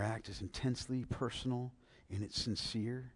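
A male pastor preaching a sermon, moving from hushed near-whispers to loud, emphatic passages full of rhetorical questions. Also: fairly high pitch, animated, normal speed, long pauses.

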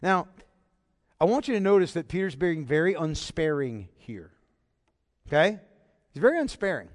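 A man preaching a sermon, emphatic and full of rhetorical questions, pausing to ask the congregation to follow along. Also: fairly high pitch, big pitch swings, long reverb tail. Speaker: pastor.

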